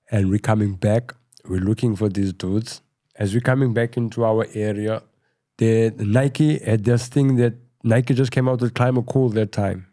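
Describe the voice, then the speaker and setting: A middle-aged South African man telling his story in a casual interview, rambling and full of "you know," going quieter at tense moments. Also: medium pitch. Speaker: podcast guest.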